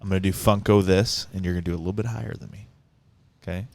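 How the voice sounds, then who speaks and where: A man's voice: sits low, fairly even intonation, fast, vocal fry, darkish tone. A man co-hosting a podcast in casual banter, teasing and wisecracking with his friends. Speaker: podcast co-host.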